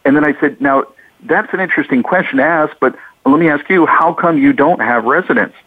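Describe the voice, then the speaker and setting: Male radio co-host, animated storyteller, voices his callers; tinny phone-band audio. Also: fairly high pitch, brisk, dry recording. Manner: storytelling, acts out callers' lines. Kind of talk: casual radio talk.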